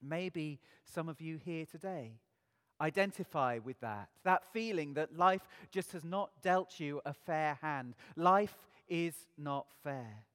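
A man's voice: a little high, expressive, takes it slowly, fairly bright tone, clear, resonant tone, big-room sound. A man preaching a sermon in an earnest way, asking his listeners many rhetorical questions.

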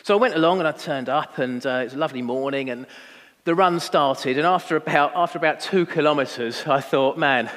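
A young man preaches in a casual, self-deprecating, anecdotal way, full of ums and restarts. His voice sits a little high for a man. It rings out with a long reverb, as in a church hall. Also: brisk, fairly bright tone. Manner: conversational, self-deprecating storytelling with many fillers. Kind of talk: sermon.

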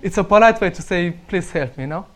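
Romanian-accented man, high voice, laughing often. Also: expressive, fast. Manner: laughs often while telling anecdotes. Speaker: speaker sharing stories. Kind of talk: casual storytelling.

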